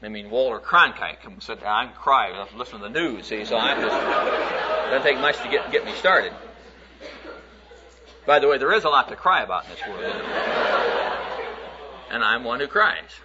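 A man's voice: mid-range voice, expressive, moderate pace, long pauses, crowd noise. A man preaching a sermon through folksy, conversational storytelling, acting out the stories he tells. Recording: dull lo-fi recording.

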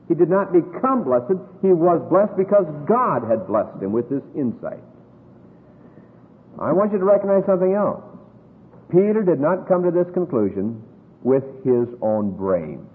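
An American man preaching a sermon, emphatic and drawing out scripture quotes slowly. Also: on the high side, sing-song. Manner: emphatic, drawn-out quoting of scripture. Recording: echoey hall over a tinny phone-like line.

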